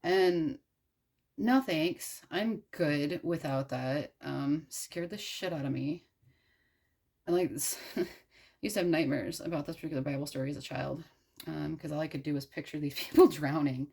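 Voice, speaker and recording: A woman's voice: sits low, moderate pace, vocal fry, a little mellow, husky. A young adult woman from the United States retelling a story in a casual, irreverent and profane way, rambling with many fillers. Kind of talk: casual storytelling while crafting.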